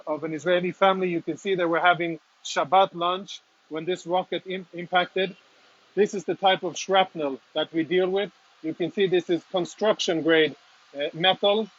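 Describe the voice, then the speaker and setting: A man with a somewhat high voice speaks as a military spokesman, live from inside a damaged apartment. He talks earnestly and insistently, with a slight emotional edge. The audio is dull and lo-fi, like a phone livestream. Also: fairly even intonation, moderate pace, a bit bright. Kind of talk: live on-location statement.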